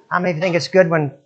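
A man's voice: fairly high pitch, breathy edge, muffled recording. A male preacher giving a sermon, telling stories and asking his listeners questions. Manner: storytelling, acts out quoted voices, asks audience questions.

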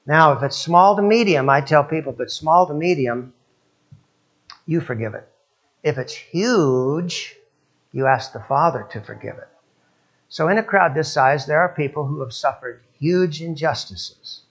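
An older man preaching a sermon, telling stories and leading prayer, moving between soft, hushed passages and loud, emphatic ones. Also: on the high side, unhurried.

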